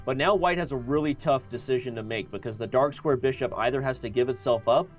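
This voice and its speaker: A man's voice: medium pitch, brisk, highs cut off, faint music behind. A man commentating a chess game he is playing on a live stream, joking and thinking aloud.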